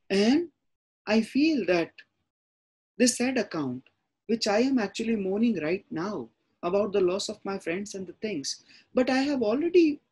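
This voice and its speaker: Breathy Indian English lecturer explaining poetry. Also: male voice, high voice, darkish tone. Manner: repetitive, explanatory, paraphrasing line by line. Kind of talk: classroom lecture explaining a sonnet.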